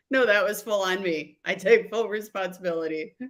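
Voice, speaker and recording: A woman's voice: mid-range voice, moderate pace. A woman guest in a casual video-call chat, good-humored and self-deprecating.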